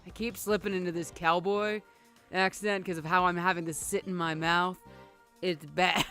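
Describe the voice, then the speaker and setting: A woman's voice: on the low side, fairly even intonation, normal speed, a bit bright, faint music behind. A woman streaming a game, chatting casually and joking at her own expense while reading its lines. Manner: chatty, swears, laughs at herself. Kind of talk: casual game let's-play.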